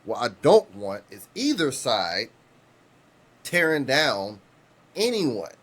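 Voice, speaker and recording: A man's voice: mid-range voice, big pitch swings, takes it slowly, a bit bright. A man in his thirties, co-hosting a podcast, telling rambling stories with restarts and casual swearing. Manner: rambling storyteller, frequent restarts, swears freely. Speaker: podcast co-host.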